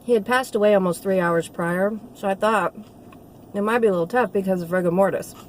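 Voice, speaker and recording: A woman's voice: medium pitch, a little fast, a little hiss or hum. A middle-aged woman, a nursing assistant telling a rambling, heartfelt story in a casual vlog. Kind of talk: casual talking-to-camera vlog.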